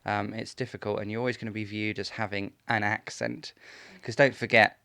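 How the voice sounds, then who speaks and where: An actor being interviewed on live radio in a studio, talking in a measured, explanatory way with frequent ums. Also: male voice, on the low side, level tone, gravelly, sharp tone, no echo. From Britain. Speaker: actor guest.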